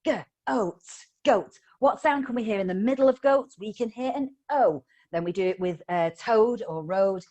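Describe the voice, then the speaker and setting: A woman's voice: medium pitch, normal speed, few pauses, warm tone, lo-fi sound. A middle-aged woman training teachers in phonics over a video call, upbeat, coaxing and playful. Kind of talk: live online teacher training.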